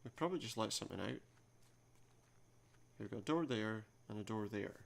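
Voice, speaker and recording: A man's voice: fairly low pitch, lively intonation, normal speed, creaky. A man hosting a let's play, reading the game's text aloud and dropping wry, joking asides.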